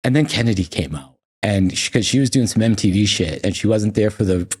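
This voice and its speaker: With a lowish, husky voice and a fairly quick pace, an American podcast guest tells casual stories. He swears, stays animated, and acts out the quotes.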